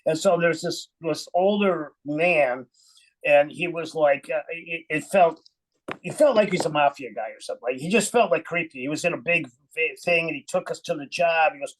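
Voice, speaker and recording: Older man telling lively stories, high voice. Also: moderate pace, low-quality recording. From Cleveland, USA. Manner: animated anecdotes, acts out quotes, laughs often. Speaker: musician guest. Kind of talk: casual interview storytelling.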